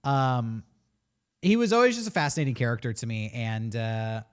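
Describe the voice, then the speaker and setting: A man co-hosting a casual movie discussion show, animated and slipping into mock voices when quoting scenes. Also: medium pitch, normal speed, clear, resonant tone. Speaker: podcast co-host.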